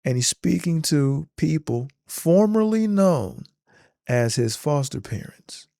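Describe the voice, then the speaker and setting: A man casually retelling a movie scene in an animated, slangy storytelling manner. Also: on the high side, slow pace, creaky, no echo, studio quality. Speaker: vlogger.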